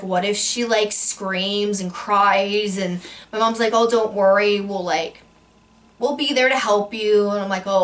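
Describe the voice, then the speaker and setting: A young woman telling a casual storytime vlog, full of likes and ums, jumping into high voices when she acts out quotes. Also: fairly bright tone. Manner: filler-heavy, many likes and ums.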